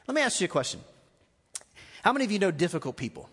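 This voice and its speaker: Male pastor, earnest live sermon, fairly high voice, long hall echo. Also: sing-song, fast, long pauses, husky. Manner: earnest, shifts between quiet reading and raised exhortation. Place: large church hall.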